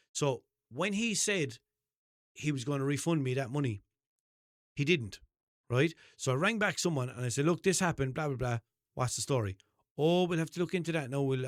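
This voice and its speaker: Irish podcast host, young man, mid pitch, dry close sound, animated sweary storyteller. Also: no room sound. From Ireland. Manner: animated, swearing, acts out both sides of a phone call. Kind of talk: casual storytelling monologue.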